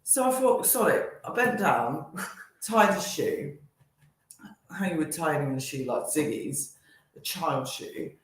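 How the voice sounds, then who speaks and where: A woman's voice: low-pitched, sing-song, takes it slowly, long pauses. A young woman telling a story casually on a family live stream, chatty and self-deprecating, laughing now and then. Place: home kitchen. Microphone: live-stream mic. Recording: very echoey room, faint noise.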